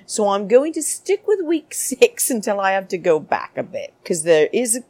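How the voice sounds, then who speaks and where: A woman's voice: mid-range voice, big pitch swings, moderate pace, darkish tone, no room sound. A woman hosting a chatty, gossipy recap, sarcastic and full of pet names for her viewers. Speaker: show recap host. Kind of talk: casual commentary recap.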